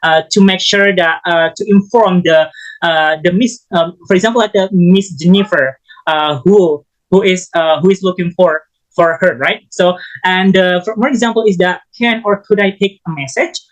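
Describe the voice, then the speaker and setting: A man giving a recorded English lesson as a student teacher, halting and often restarting his phrases. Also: sits high, poor audio.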